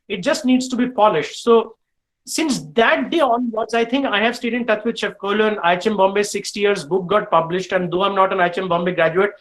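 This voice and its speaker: Animated Indian man telling kitchen stories. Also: sits high, rough recording. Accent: Indian English. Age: middle-aged. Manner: animated, frequent uh fillers, lively storytelling. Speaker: guest chef speaking to students. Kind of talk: storytelling in a live online session.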